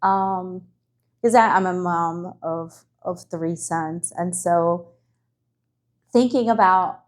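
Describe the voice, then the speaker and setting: Woman, middle-aged, slightly low voice, empathetic, candid, casual conversation. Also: slow.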